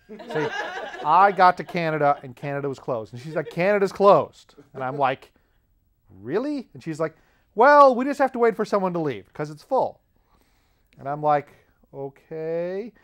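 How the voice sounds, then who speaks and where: A man's voice: a little high, slight background noise. An American man telling a rambling comic story as a podcast host, chuckling often as he goes. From United States. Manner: rambling, chuckles often through his anecdotes.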